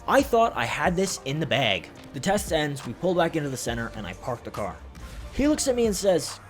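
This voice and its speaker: Animated, foul-mouthed young man telling a story. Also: on the high side, fairly quick. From Canada. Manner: animated, profane, rambling. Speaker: gaming channel host. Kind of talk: comedic storytime over gameplay. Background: faint background music.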